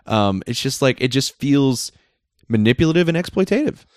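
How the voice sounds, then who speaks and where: A man hosting a film podcast, speaking casually with dry quips and halting filler words. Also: medium pitch, very animated, no room sound. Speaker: podcast host. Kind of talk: casual film review chat.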